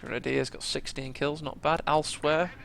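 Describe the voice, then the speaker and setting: A man casting a strategy game match, chatty play-by-play that bursts into excitement at big moments. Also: fairly high pitch, moderate pace, creaky, a little hiss or hum. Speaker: game caster.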